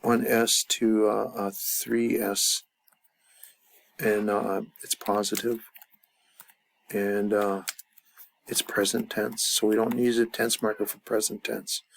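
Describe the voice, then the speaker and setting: A man's voice: lowish voice, flat delivery, slow pace, pauses often, a little hiss or hum. A man teaching a grammar lesson at a chart, thinking aloud with many fillers and restarts. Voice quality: gravelly. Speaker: language teacher.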